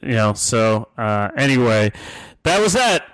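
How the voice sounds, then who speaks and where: A man's voice: medium pitch, sing-song, unhurried, fairly bright tone, smooth, no echo. A man co-hosting a casual podcast, rambling and self-deprecating, with many restarts. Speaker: podcast co-host.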